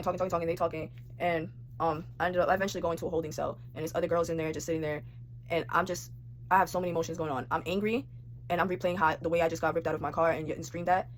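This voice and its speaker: A young woman casually telling a personal story in a vlog, rapid and animated, full of slang and quoted thoughts. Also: on the low side, a little hiss or hum.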